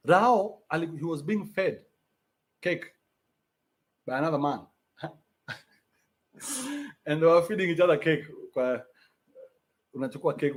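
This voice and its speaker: A man with a Kenyan accent hosting a podcast, ranting in a mocking, animated way and swearing freely. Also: fairly high pitch. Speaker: podcast host. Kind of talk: ranting commentary.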